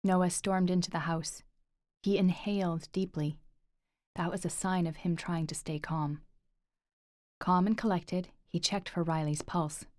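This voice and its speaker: A woman narrates an audiobook from a script in a steady, measured manner. Her voice is on the low side, and the recording is dry and studio quality.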